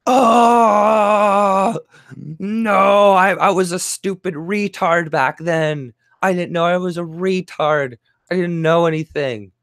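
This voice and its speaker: A man's voice: mid-range voice, fairly even intonation, smooth, no room sound, studio quality, natural voice. A man putting on a self-pitying, whining older man to mock him. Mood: whimpering. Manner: mocking, slow self-pitying whine.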